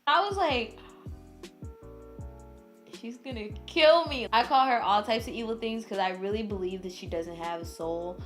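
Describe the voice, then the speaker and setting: A young adult woman vlogger telling a funny story in a casual, animated way, full of "like" and dramatic re-enactment. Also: medium pitch, a little fast, few pauses, faint music behind.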